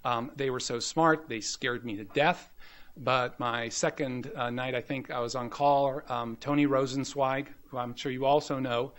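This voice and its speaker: A man's voice: mid-range voice, steady tone, moderate pace, a bit bright. A man in his fifties from the American South, giving a medical lecture told through personal stories with many ums. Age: 50s. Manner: anecdotal storyteller, frequent ums and you-knows. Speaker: grand rounds speaker. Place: lecture hall.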